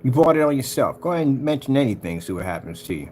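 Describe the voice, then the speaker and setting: A man's voice: mid-range voice, very animated, fast talker, a little hiss or hum. Taunting man ranting to his viewers. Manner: taunting, mocking, swings between loud and muttered. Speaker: vlogger. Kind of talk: ranting monologue to camera.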